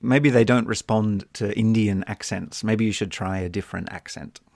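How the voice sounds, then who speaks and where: A man who co-hosts an English-learning podcast and teaches English chats casually and playfully, cracking jokes and doing silly voices. His voice is on the low side with vocal fry and a slightly mellow tone, at a moderate pace, recorded at studio quality with no echo.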